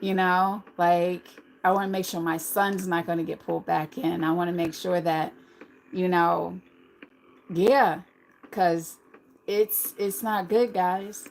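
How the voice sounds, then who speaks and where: A woman's voice: fairly low pitch, fairly even intonation, takes it slowly, a little hiss or hum, rough recording. A middle-aged woman hosting a casual live stream, talking earnestly and rambling straight to her viewers.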